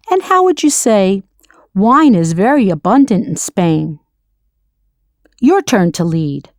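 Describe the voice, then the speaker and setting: A woman teaching a scripted audio language lesson, slowly modeling foreign words and spelling them out letter by letter. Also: mid-range voice, sing-song, no echo, clean studio sound.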